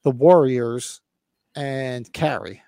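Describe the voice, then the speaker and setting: A man's voice: mid-range voice, slow pace, dark tone, smooth, no echo. A man in his fifties hosting a casual podcast, talking with rambling enthusiasm and swearing freely. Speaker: podcast host.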